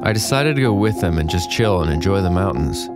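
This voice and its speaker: A man co-hosting a podcast, reading a listener's story aloud with expressive storytelling delivery. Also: low voice, fairly quick, over loud music. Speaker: podcast co-host.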